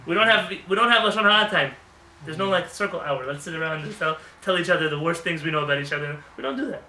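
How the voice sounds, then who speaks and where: A man rabbi giving a lively, joking sermon in a synagogue, acting out voices as he talks. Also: a little high, quick pace, far from the mic, a little hiss or hum. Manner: animated, acts out voices, jokes with the congregation. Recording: roomy hall with faint ambience.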